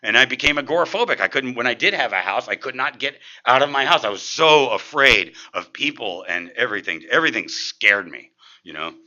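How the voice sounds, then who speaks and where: Bright-voiced man telling his recovery story. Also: medium pitch, a little fast, dull audio. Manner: animated, street-casual storyteller. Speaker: AA meeting speaker. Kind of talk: recovery story told to a meeting. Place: meeting room.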